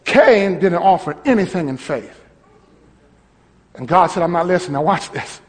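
A man pastor preaching a sermon, teaching a congregation and calling out to them, his voice rising to shouts. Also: sits high, expressive, normal speed, long reverb tail. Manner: call-and-response preaching, swelling to shouts.

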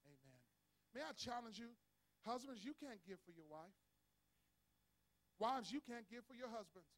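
A man preaching a sermon as pastor to his congregation, repeating words for stress and rising into shouting. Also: extremely high pitch, lively intonation, moderate pace. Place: church service with congregation.

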